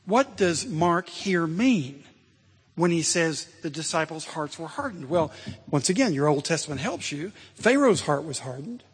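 Male pastor, high-pitched, husky voice, emphatic sermon delivery, long church reverb. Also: big pitch swings, measured pace. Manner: emphatic preaching, swelling to loud exhortation.

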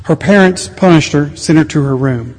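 Middle-aged guy preaching, husky slightly high voice, big echoey church hall. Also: normal speed. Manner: animated preaching with sudden quiet asides. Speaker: pastor. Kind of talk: sermon. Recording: long reverb of a large hall.

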